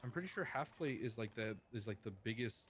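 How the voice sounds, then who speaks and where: A man's voice: mid-range voice, expressive, fast, slight background noise. A man chatting casually on a live tabletop game stream, explaining rules in rambling, self-correcting bursts. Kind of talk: casual gaming chat on stream.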